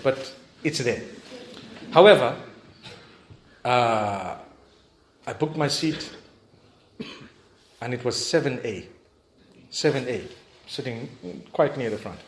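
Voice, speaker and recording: A male preacher telling a story in a sermon, talking conversationally and animatedly, with frequent asides to his audience. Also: mid-range voice. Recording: echoey hall, faint background noise.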